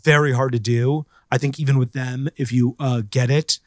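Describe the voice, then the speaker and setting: Recorded dry with clean studio sound, a man co-hosts a podcast, his mid-range voice keeping fairly even intonation at a normal speed. He chats casually, rambling and filling the talk with fillers and restarts.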